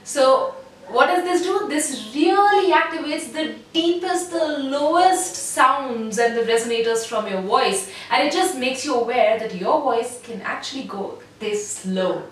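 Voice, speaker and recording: A woman voice coach leading vocal exercises, demonstrating deep and high nasal voices as she teaches. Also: lively intonation, measured pace. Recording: echoey room from a distance, faint noise.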